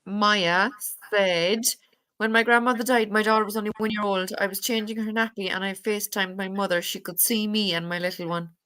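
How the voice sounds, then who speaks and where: Woman host, bright tone, casual live chat, reads comments aloud. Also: medium pitch, fairly even intonation, a little fast. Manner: reads out viewer comments, chatty.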